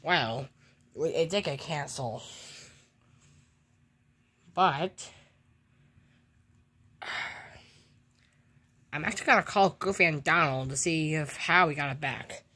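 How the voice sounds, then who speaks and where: A man's voice: on the high side, a little slow, pauses often, sharp tone, breathy edge, pitched below the performer's own voice, exaggerated voice. A man voicing a cheerful male cartoon mouse in a homemade toy skit, mumbling through stumbling restarts. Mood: relaxed.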